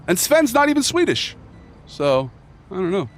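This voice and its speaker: A man's voice: sits high, wildly swooping pitch, normal speed. A man streaming a game, chatting casually in a rambling, joking bro manner with mock earnestness. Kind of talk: casual chat while playing a game.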